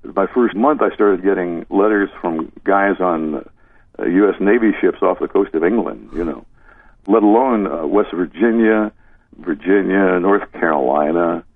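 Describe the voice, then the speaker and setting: Heard over a dry, tinny phone line, a former DJ, now an older man, rambles through stories in a reminiscing interview and chuckles along the way. His voice sits low and creaky, and he speaks at a measured pace.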